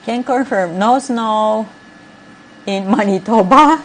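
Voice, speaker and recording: Slow-talking woman streaming while cooking. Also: on the low side, darkish tone, slight background noise. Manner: chatty, laughs often while reading chat. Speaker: live streamer. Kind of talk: casual cooking livestream chat. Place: home kitchen.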